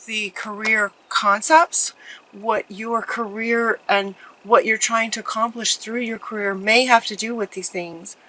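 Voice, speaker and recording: A woman reading tarot cards for viewers, earnest and tender, often halting and restarting mid-sentence. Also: medium pitch, sharp tone, rough recording. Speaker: tarot card reader. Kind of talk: pick-a-card tarot reading.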